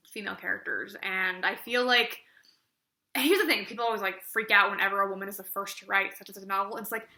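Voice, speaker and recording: Sarcastic rambling woman reviewer, bright voice. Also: mid-range voice. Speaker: book reviewer. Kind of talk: casual video book review. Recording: echoey room.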